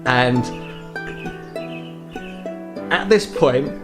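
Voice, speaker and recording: A man's voice: mid-range voice, lively intonation, very slow, over music. A man running a tabletop role-playing game as game master, narrating in a chatty, rambling way with lots of fillers.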